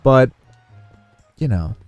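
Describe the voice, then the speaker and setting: A man's voice: mid-range voice, very slow, no room sound, soft background music. A man telling a story in casual chat as a podcast co-host, acting out the people he quotes. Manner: animated storyteller who acts out quotes.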